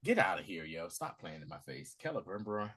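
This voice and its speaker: A man's voice: low voice, fairly quick, slightly rough. A man co-hosting a casual recap over a video call, retelling scenes energetically in slang and acting out the characters. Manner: animated storyteller, acts out characters, slangy. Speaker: podcast co-host.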